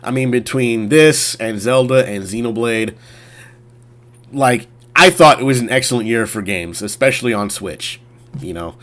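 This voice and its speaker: A man's voice: mid-range voice, normal speed, a bit bright. A man who streams games, chatting casually on camera and rambling with many fillers and restarts. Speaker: gaming streamer. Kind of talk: casual chat.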